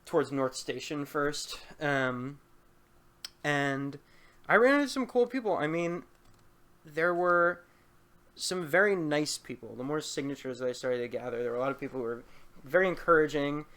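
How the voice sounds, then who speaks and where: A man's voice: fairly high pitch, moderate pace, a bit bright. A man telling a casual vlog story as a city council candidate, rambling with many fillers and an amused tone.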